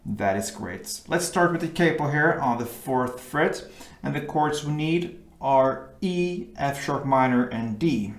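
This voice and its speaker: A man's voice: medium pitch, expressive, measured pace, reverberant. A man teaching an acoustic guitar lesson, walking patiently through chords step by step.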